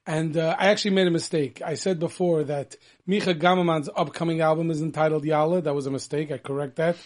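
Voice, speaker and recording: A man with a fairly high voice hosts a radio music show from a studio. He talks with eager energy and jumps in over his co-host as they chat. His delivery stays casual and quick to interrupt. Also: steady tone.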